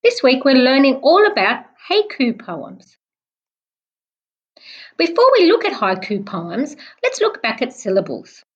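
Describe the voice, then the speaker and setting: A young woman, a primary school teacher giving a recorded online lesson, explaining slowly and patiently. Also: high-pitched, huge pitch swings, lo-fi sound. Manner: clear, slow, patient explaining, clapping out syllables.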